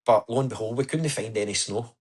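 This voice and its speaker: Give me a man with a low, husky voice telling his story as an interview guest. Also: brisk, darkish tone. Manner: earnest, storytelling, says "aye" and "wee" often. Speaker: podcast guest. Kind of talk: casual interview chat.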